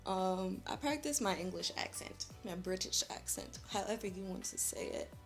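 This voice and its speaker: A young woman talks casually to camera as she does her makeup, chatty and full of slang, laughing easily. Her voice sits at an ordinary middle pitch, with faint music playing behind her. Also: animated, moderate pace. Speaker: beauty vlogger. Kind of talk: casual vlog chat while doing makeup.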